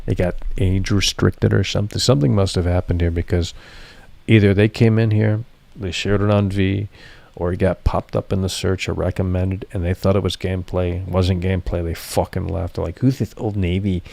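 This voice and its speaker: A deep, gravelly man rambles and swears his way through a casual livestream chat with his viewers. His voice is low and mellow, and it sounds dry and close to the mic. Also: level tone, normal speed, no room sound. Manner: profane, rambling, talks to chat. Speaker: streamer.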